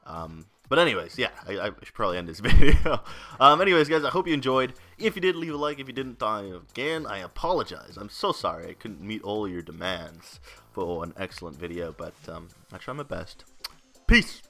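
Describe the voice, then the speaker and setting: A man's voice: fairly low pitch, lively intonation, brisk, bright, forceful tone, soft background music. Rambling, foul-mouthed young man telling a story. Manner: rambling, profane, laughing often. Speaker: gaming channel host. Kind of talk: casual storytelling over gameplay.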